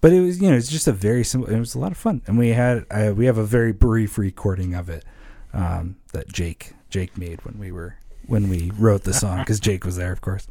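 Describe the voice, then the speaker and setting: A man talking casually on a church podcast, explaining how songs are written, lively and full of examples. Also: on the low side, a little fast, dry recording. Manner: animated, explains with examples and rhythms. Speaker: church songwriting guest.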